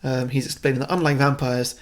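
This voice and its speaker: A man co-hosting a podcast and chatting in a relaxed way, with lots of fillers as he reads through his script. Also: mid-range voice, fairly quick. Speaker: podcast co-host reading his fan script. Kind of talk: casual podcast chat.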